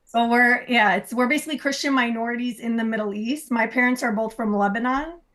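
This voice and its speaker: Woman in her thirties, self-assured clear manner, higher pitch. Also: a little fast, a bit bright. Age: 30s. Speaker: contestant. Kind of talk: casual chat.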